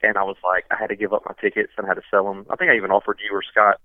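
A man with a Southern accent, guesting on a podcast and telling rambling, animated stories with lots of restarts. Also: on the low side, racing, no echo, phone-quality sound. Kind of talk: casual chat.

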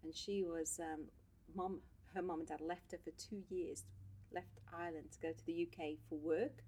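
Woman podcast guest, low-voiced, lively storyteller, slight background hiss. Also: normal speed. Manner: animated storyteller, laughs often. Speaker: podcast guest, social worker. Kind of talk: casual storytelling chat.

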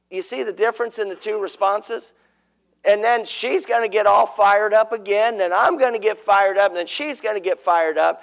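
High-voiced, gravelly pastor. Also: male voice, moderate pace, poor audio. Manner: folksy storytelling with acted-out dialogue. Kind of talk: sermon on marriage, with his wife.

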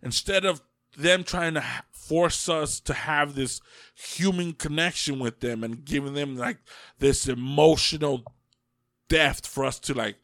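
A man co-hosting a casual podcast chat, profane and animated, often laughing. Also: fairly high pitch, measured pace, no room sound. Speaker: podcast co-host.

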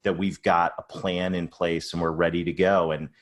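A man's voice: low-pitched, flat delivery, moderate pace. A man from Ontario with a mixed Southern US and Canadian accent, chatting upbeat as a podcast guest, often restarting his sentences. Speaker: podcast guest, revenue growth consultant. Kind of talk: casual podcast conversation.

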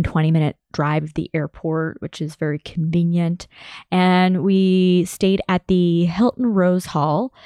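A young woman casually telling a travel story in a chatty, animated way, laughing now and then. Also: on the low side, clean tone, no echo, clean studio sound.

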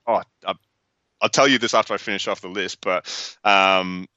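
A man's voice: low voice, moderate pace, dry recording, highs cut off. A young Australian man telling rambling, sweary stories in a casual podcast interview. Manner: rambling, sweary, animated storytelling. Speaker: guest.

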